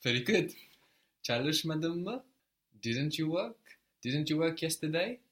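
A man teaching a language lesson, prompting a learner and repeating answers slowly and patiently. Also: fairly high pitch, lively intonation, a bit bright.

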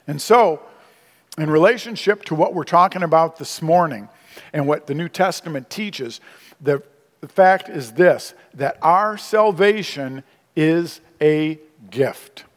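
Pastor guy preaching, kinda high voice, chatty and emphatic, echoing church hall. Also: a little slow. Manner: conversational, emphatic preaching with asides to the congregation. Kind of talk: sermon. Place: church sanctuary.

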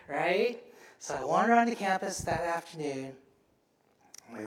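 A man preaching a sermon as pastor, telling the story with animated acted-out voices and frequent asides to the congregation. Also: a little high, normal speed, long pauses, echoey room.

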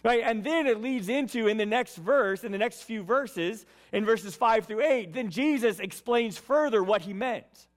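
High-voiced conversational male preacher. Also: measured pace, hardly any pauses. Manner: conversational, tags lines with "right?" and "okay". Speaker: pastor. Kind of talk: sermon.

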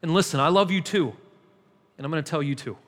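Guy pastor preaching, high voice, keeps repeating for punch, long echo in the church. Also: quick pace, fairly bright tone. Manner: emphatic, repetitive preaching with rising intensity. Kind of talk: sermon. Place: church sanctuary. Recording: long hall reverb.

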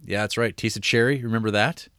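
A man's voice: fairly low pitch, steady tone, fast talker, fairly bright tone, no echo. A man co-hosting a podcast, reading out film releases with dry, wry humor. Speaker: podcast co-host. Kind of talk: casual chat.

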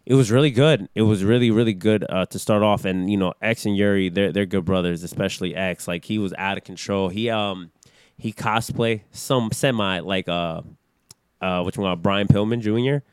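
A man co-hosting a podcast, talking loosely and animatedly, with rambling asides and casual swearing. His voice is fairly low and smooth. The sound is dry and close. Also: steady tone, moderate pace, no room sound. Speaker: podcast co-host. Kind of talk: casual chat.

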